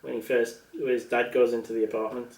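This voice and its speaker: A man co-hosting a casual film review chat, excitable, tripping over his words and acting out characters. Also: mid-range voice, fast talker. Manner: excitable, stumbles and restarts, acts out characters. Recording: echoey room, mic at a distance.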